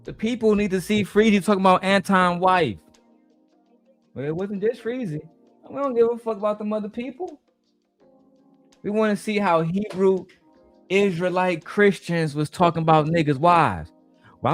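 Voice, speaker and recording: A man's voice: high-pitched, normal speed, soft background music. A male host giving crude, mocking commentary in blunt slang while reacting to clips.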